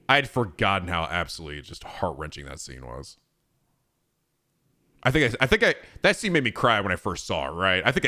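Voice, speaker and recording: A man's voice: low voice, pushed and bright. A man chatting casually on his stream, rambling with lots of fillers, restarts and swearing.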